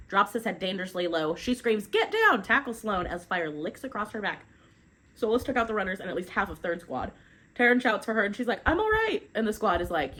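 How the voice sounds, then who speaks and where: Fast-talking woman recapping a book. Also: mid-range voice, a bit bright, poor audio. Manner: chatty, many fillers, quick summarizing. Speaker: book reviewer. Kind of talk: casual book recap, reading quotes aloud.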